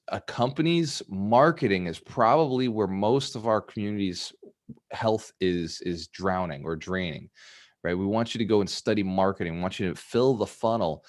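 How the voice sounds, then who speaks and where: A man's voice: on the low side, normal speed. Casting: upbeat male mentor hosting a live video call, coaching his group with drive. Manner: energetic, motivational, laughs often. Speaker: host and business mentor.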